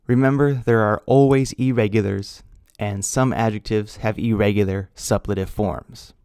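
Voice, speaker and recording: A man teaching an English grammar lesson, speaking slowly and deliberately, spelling out letters and repeating key words. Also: fairly low pitch, fairly even intonation, darkish tone, clean tone, no room sound, clean studio sound. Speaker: ESL teacher.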